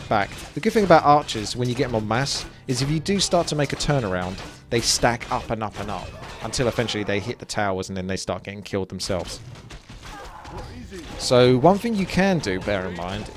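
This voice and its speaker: A man's voice: medium pitch, lively intonation, fairly quick. A young man with a chatty manner, explaining strategy as he plays and commentates on a strategy game. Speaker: gameplay commentator. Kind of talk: casual gameplay commentary. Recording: game music underneath.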